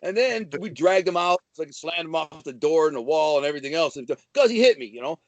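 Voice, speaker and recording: A Detroit man with a strikingly high voice tells swaggering stories as a guest, speaking casually with animated, profane outbursts. The recording is close, dry and roomless, and he talks briskly.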